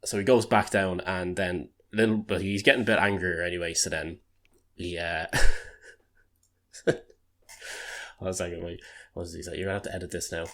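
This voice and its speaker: Man, podcast co-host, very low voice, jokey storyteller. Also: flat delivery, moderate pace, pauses often, a bit bright. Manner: jokey storyteller, breaks into laughter. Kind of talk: casual podcast chat.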